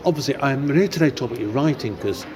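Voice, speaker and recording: This podcast host talks fast in a medium-pitched, animated voice. He's recorded in a library café with a busy crowd chattering behind him, rambling casually through an interview chat full of fillers.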